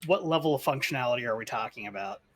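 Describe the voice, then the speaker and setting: A man's voice: mid-range voice, expressive, rapid-fire. A man in casual banter with friends, playfully angry and swearing a lot. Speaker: tabletop game player streaming live.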